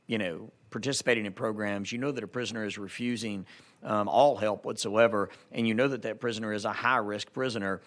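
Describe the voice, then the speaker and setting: A man's voice: fairly low pitch, a bit bright. A man, a legislator in a committee hearing, questioning a witness and making an emphatic, plain-spoken plea.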